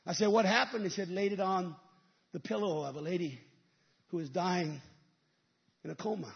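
A male evangelist delivers a sermon in a very high-pitched voice. He tells stories and then rises into emphatic, shouted peaks. The recording sounds dull and lo-fi. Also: fairly even intonation, moderate pace, creaky.

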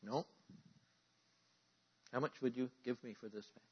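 A man preaches a sermon with a slightly husky voice, asking his listeners to answer him and repeat lines back. His delivery moves between quiet explanation and forceful emphasis. The recording sounds dull and muffled. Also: mid-range voice, a little slow. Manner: animated preaching, calls for audience responses. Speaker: pastor. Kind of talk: sermon teaching.

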